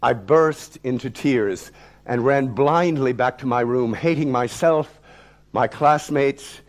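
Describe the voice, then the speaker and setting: A man's voice: mid-range voice, takes it slowly. A man in his sixties, a theatre director, performing a dramatic, declamatory personal story on stage. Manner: dramatic, declamatory, sweeping shifts in loudness. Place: talk-event stage.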